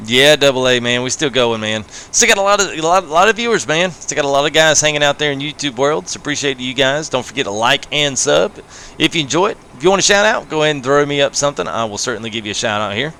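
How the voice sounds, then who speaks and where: It's a casual late-night livestream: a man plays a farming game and chats with his viewers, laid-back, laughing often and tacking "man" onto many lines. His medium-pitched voice is expressive and quick-paced with a sharp tone. A little hiss or hum can be heard.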